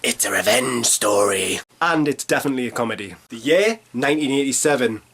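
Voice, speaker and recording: Lively, sarcastic man in his thirties. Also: medium pitch, fairly quick, husky. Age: 30s. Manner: sarcastic, punchy. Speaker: film reviewer. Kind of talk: scripted review with jokey asides.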